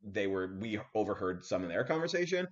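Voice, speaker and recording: A man host telling a story casually, animated, with many fillers, acting out what people said. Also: on the low side, a little fast. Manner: animated, full of fillers and acted-out quotes. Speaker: podcast host. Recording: dull lo-fi sound.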